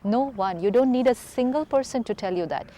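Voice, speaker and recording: A woman's voice: on the high side, brisk, warm tone. A woman with an Indian English accent, a spiritual teacher explaining earnestly on a talk show, often repeating key phrases for emphasis.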